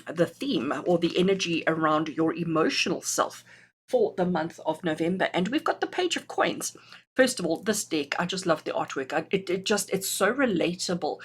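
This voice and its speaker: A woman's voice: fairly low pitch, slightly rough. A woman giving an enthusiastic tarot reading to camera, often checking in with her viewers with "okay?" and "all right?". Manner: acts out little quoted voices. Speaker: tarot reader.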